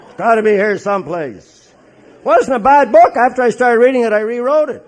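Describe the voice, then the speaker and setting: A Canadian man and Catholic priest telling his recovery story to an audience in a joking, animated way. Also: extremely high pitch, fairly quick, a faint crowd, slight background noise. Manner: joking, animated storyteller who acts out others' voices.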